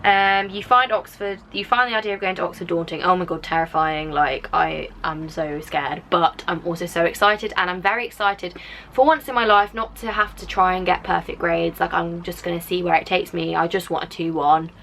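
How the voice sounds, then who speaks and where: A woman's voice: lowish voice, steady tone, moderate pace, creaky, a bit bright, a little hiss or hum, rough recording. A young woman in her late teens with a Black Country accent, chatting casually on her vlog as she reads out and answers viewer comments, rambling with lots of fillers. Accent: Black Country English. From Black Country, England. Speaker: vlogger.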